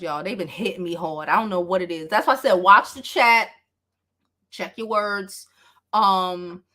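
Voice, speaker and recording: A woman's voice: mid-range voice, sharp tone. A middle-aged woman chatting casually on a gossip livestream, loose and profane, often laughing. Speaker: celebrity gossip vlogger.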